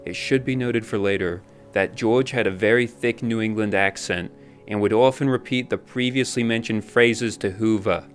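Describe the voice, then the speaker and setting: A man narrating a scripted documentary in a measured, even storytelling manner. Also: fairly low pitch, soft background music.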